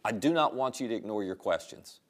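A man's voice: fairly low pitch, expressive, brisk. A male pastor preaching a sermon in a conversational, storytelling way.

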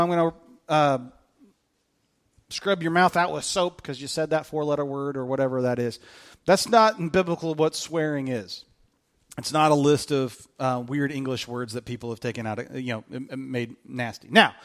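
A middle-aged male pastor preaches in a loose, conversational way, slightly high-pitched for a man. He jokes with his listeners and slips into voices when he quotes people. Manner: casual and joking, with lively acted-out quotes. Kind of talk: conversational sermon.

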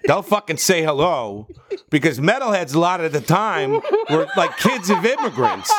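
A man from New Jersey tells stories in a profane, animated way. His voice sits high and leaps up and down as he talks. It is loose podcast chat. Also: normal speed, background noise. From New Jersey, USA.

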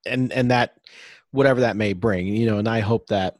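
A man's voice: on the low side, normal speed, dry recording, clean studio sound. A man hosting a casual sports podcast, rambling and upbeat, hyping up his guest. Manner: rambling, upbeat hype-style introductions. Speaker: podcast host.

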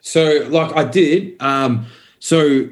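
A man's voice: fairly high pitch, extremely slow, a crowd in the background. A young man, a podcast guest, telling his story in a loose, filler-heavy way and swearing freely. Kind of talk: casual conversational storytelling.

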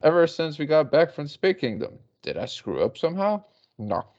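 A man voicing a blunt, gruff grown man muttering to himself. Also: fairly high pitch, sing-song, normal speed, a little mellow, pitched above the performer's own voice. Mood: puzzled. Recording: dull lo-fi recording.

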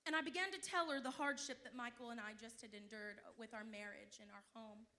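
A fervent woman preacher gives a church testimony in a high, ringing voice. She drops low and intimate as she tells her story, then breaks out in loud calls of praise to the congregation. Her tone is bright and keen throughout. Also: brisk. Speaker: church speaker giving testimony. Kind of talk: Pentecostal sermon testimony.

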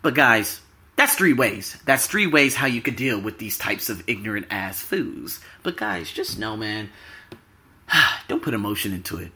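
An animated man talks straight to his viewers in a casual vlog. His voice is bright and his pitch swings widely as he presses his points with emphasis. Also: a little slow. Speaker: YouTuber and podcaster.

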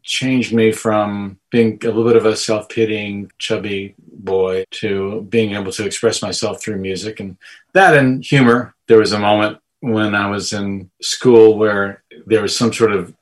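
A man in his forties from Texas talks as an interview guest, unhurried and playful, with a good deal of self-deprecating humor. His voice sits a little low. He jokes about himself as he tells long stories. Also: steady tone, rough recording. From Amarillo, Texas. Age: 40s. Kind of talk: casual interview storytelling.

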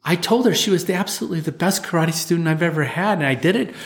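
A man with a fairly high voice tells a story from his martial arts class. He acts out the lines of the children and parents in it. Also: animated, quick pace. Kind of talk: storytelling talk.

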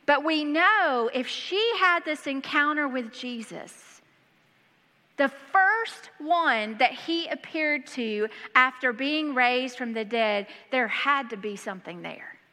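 Bright-voiced woman pastor preaching. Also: high voice, slow pace. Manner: reads scripture aloud and breaks in with lively asides. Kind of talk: sermon. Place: church hall. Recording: long hall reverb.

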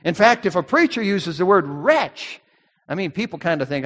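Man, pastor, emphatic sermon, lively pitch, long hall reverb. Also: moderate pace. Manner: emphatic preaching, rising on key words.

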